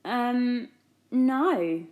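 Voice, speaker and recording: A woman voicing a cool, fashionable young witch girl who sounds loud, flat and unimpressed in a children's storybook reading. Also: a little high, drawn-out words, voice pushed up. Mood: bored.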